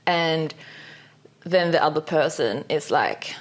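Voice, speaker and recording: A young woman with a slightly low voice chats casually on a podcast. She talks in loose, looping sentences packed with "like" fillers and little giggles. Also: animated, takes it slowly. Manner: chatty, full of "like" fillers, giggly. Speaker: podcast co-host. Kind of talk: casual chat.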